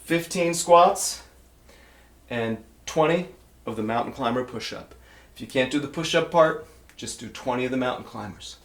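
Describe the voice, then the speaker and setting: A man's voice: mid-range voice, normal speed. A male fitness trainer demonstrating exercises, encouraging beginners and counting reps aloud while getting out of breath.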